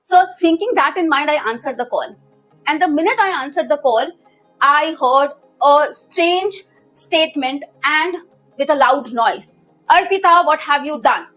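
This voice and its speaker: A woman's voice: high-pitched, expressive, a little slow, a bit bright, faint music behind, poor audio. A woman, a travel manager telling a story from her work in an earnest, conversational way with many fillers. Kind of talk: storytime narration.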